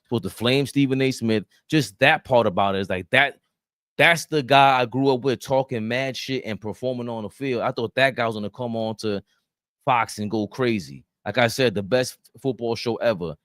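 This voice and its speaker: A man's voice: mid-range voice, moderate pace, fairly bright tone, no room sound, clean studio sound. A man hosting a casual sports talk show, loose and profane, laughing through his banter.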